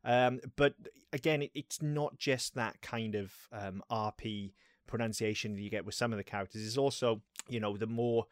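A man's voice: lowish voice, steady tone, moderate pace, dry recording, studio quality. A man co-hosting a podcast, talking in a casual, enthusiastic way and swearing now and then. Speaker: podcast co-host. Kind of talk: casual chat.

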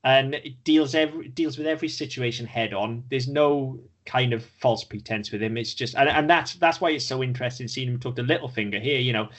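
A man's voice: medium pitch, a little fast, hardly any pauses, a bit bright. A man co-hosting a podcast, chatting casually about a TV episode and swearing freely as he talks. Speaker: podcast co-host. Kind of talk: casual chat reviewing a TV episode.

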